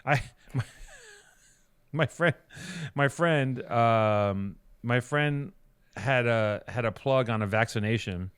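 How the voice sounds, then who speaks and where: Smooth-voiced man telling sarcastic stories. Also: medium pitch, takes it slowly, pauses often, fairly bright tone, dry recording, clean studio sound. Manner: rambling, sarcastic, profane storytelling. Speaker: podcast co-host. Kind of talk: casual chat.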